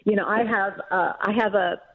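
A middle-aged woman author, a guest in an interview, talking in an emphatic, earnest way with quick laughs. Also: mid-range voice, fairly even intonation. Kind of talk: casual interview talk. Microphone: phone call. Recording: tinny phone line.

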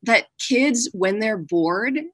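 A woman's voice: medium pitch, animated, slow pace, a bit bright, no echo. A woman in her thirties, an author talking earnestly and with animation as an interview guest, often adding "like" and "right". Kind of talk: conversational interview.

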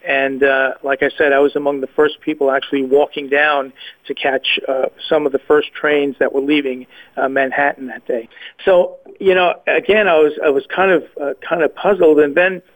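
Man, slightly high voice, faith testimony, hesitant, repeats words, tinny phone line. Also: level tone, moderate pace. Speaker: guest sharing a personal story. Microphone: phone call.

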